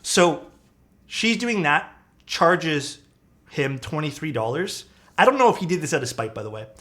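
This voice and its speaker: A man streaming live, chatting casually and telling a story in a loose, profane, animated way. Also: a little high, moderate pace. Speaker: streamer building keyboards. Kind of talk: casual livestream chat and storytelling.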